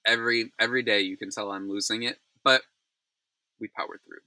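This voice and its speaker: A weary man talks through the day's news on his own, rambling and circling back with plenty of ums. His lowish voice has a bright, forward edge, and the recording is very dry and close. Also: fairly even intonation, fairly quick, no room sound, rough recording. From United States. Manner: tired, rambling, self-deprecating, many fillers. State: yawning, frazzled. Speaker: news recap host. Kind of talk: casual solo news commentary.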